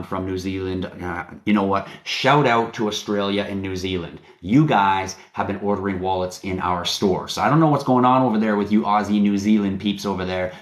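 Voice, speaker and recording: A man's voice: low-pitched, reverberant. A man hosting a casual livestream, rambling in a hyped-up way and swearing casually. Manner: rambling, hype-driven, casually profane. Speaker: livestream host and company founder.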